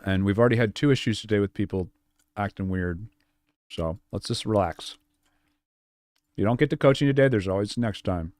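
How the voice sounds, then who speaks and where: A man with a fairly low voice gives live-stream coaching on gameplay. He is blunt and direct, repeats his points and fills the gaps with filler words. The sound is dry and close, with no room echo. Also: moderate pace, long pauses, darkish tone. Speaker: game coach.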